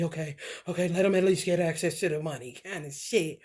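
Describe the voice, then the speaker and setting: A woman's voice: fairly low pitch, brisk, few pauses, darkish tone. A woman giving a casual tarot reading who talks bluntly and profanely, repeats her phrases and laughs often. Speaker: tarot reader.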